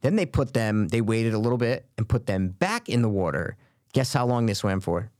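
Man, young adult, podcast co-host, animated storyteller, lively pitch, dry sound. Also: moderate pace, dry recording. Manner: animated storyteller, swears freely. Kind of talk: casual chat.

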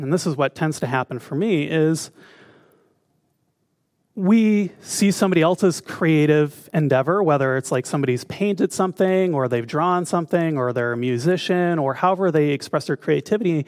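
A man with a slightly high voice gives a relaxed spiritual talk as a minister. He often turns to his listeners with questions. The sound is dry and close, with no room echo. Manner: conversational, asks the audience questions.

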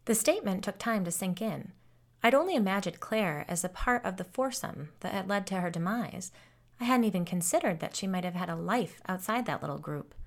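Lowish woman voice reading an audiobook, calm and even. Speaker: narrator. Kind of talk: first-person audiobook narration.

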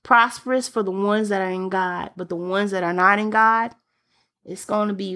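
A woman's voice: mid-range voice, fairly even intonation, moderate pace, sharp tone. A woman preaching a sermon in an emphatic, repetitive way, returning to key phrases for emphasis.

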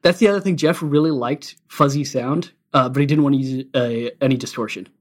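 A man co-hosting a casual music podcast, telling background stories in a relaxed, halting way with many uhs and ums. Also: mid-range voice. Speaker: podcast co-host.

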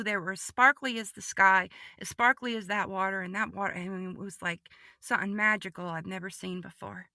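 Woman, bright forceful voice, dry close sound, emotional storytelling, repeats herself. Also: mid-range voice, no echo. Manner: vivid, repetitive retelling, swings between hushed and excited. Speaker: guest giving a testimony.

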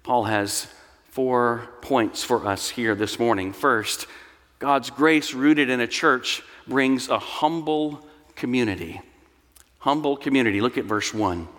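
A man's voice: medium pitch, takes it slowly, fairly bright tone, big-room sound. A man preaching a sermon as pastor, earnest and explanatory with storytelling asides, in a church sanctuary.

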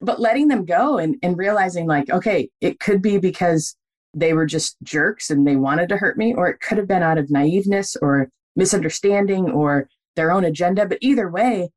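A woman's voice: fairly low pitch, moderate pace, a little mellow. A woman hosting a casual faith conversation, affirming her guest and speaking freely with many fillers. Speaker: podcast host.

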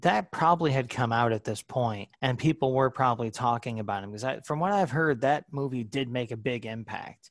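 A man rambles happily through casual podcast chat, restarting sentences as he goes. His voice sits at an ordinary middle pitch. The recording is dry and close, with no room sound. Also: dry recording. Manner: rambling, enthusiastic, many restarts. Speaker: podcast co-host.

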